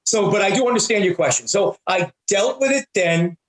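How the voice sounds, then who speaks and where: Excitable high-voiced man, roomy echo. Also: fairly quick. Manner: excitable, repeats and restarts words often. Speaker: guest, prank-call comedian and voice actor. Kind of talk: animated anecdotal storytelling.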